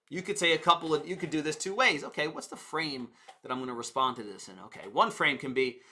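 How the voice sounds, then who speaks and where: A man's voice: a little high, expressive, quick pace, pushed and bright. A man teaching communication and sales in a conversational way, explaining with stories and examples. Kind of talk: teaching talk to camera.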